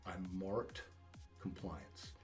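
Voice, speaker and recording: A man's voice: low voice, extremely slow, a little mellow, faint music behind. A man speaking as a dog trainer being interviewed, talking casually and emphatically, swearing and repeating words as he restarts.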